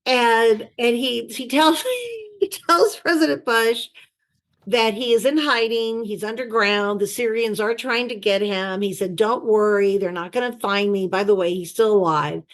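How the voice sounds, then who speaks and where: A woman guest in an interview, telling an anecdote in a lively way and acting out the voices she quotes, over a video call. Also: fairly high pitch, measured pace. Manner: animated storyteller who acts out quoted voices. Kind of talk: anecdotal storytelling.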